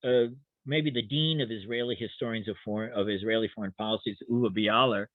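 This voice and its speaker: A man's voice: lowish voice, fairly even intonation, brisk, dry recording. An older man, a historian guest in an academic webinar, talking hesitantly with many restarts and fillers over a video call. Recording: tinny phone-like line, dry.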